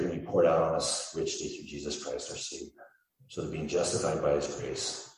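A man's voice: rumbling low, steady tone, normal speed. A man preaching a sermon, reading scripture with earnest, rising emphasis and addressing the congregation directly. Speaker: pastor. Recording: echoey hall, speaker far from mic.

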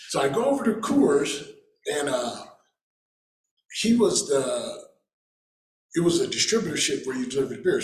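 A man giving a casual personal faith testimony, chuckling now and then and acting out what other people said. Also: medium pitch. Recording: roomy echo.

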